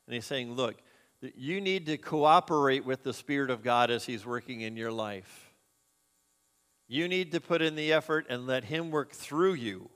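A man's voice: mid-range voice, normal speed, a bit bright, clear, resonant tone. A man preaching a sermon as a pastor, earnest and conversational, asking the congregation questions. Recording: long hall reverb.

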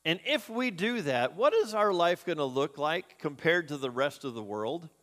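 Pastor guy preaching, kinda high voice, long hall echo, talks straight to folks. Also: expressive, normal speed, a bit bright. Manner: earnest, conversational preaching with rhetorical questions. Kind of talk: sermon.

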